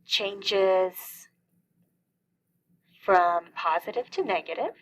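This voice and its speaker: A woman's voice: medium pitch, extremely slow, a little hiss or hum, poor audio. A middle-aged woman teaching a calculus lesson, explaining each step and asking questions that she then answers herself. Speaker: math teacher.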